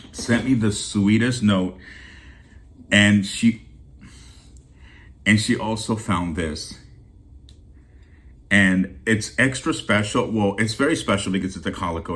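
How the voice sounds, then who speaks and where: With a low-pitched voice and slight background noise, a man hosting a deal-hunting channel chats casually with viewers vlog-style. He's teary-eyed and emotional, speaking in a heartfelt, rambling way that keeps restarting.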